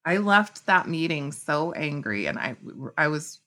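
A middle-aged woman telling personal stories in conversation, lively, acting out what people said. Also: low-pitched, unhurried. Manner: animated, acts out quoted speech. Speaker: guest author. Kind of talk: conversational storytelling.

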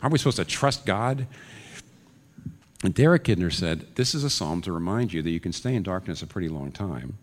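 Deep-voiced man preaching in a reverberant hall. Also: expressive, fairly quick. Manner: earnest, rising to urgent questions. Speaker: pastor. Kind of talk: sermon. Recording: long reverb of a large hall.

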